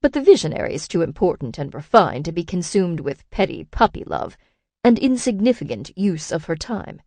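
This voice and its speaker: A woman's voice: lowish voice, big pitch swings, normal speed, darkish tone, no echo. A woman voicing a pompous, condescending older male council leader in an audiobook. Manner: condescending, bellowing.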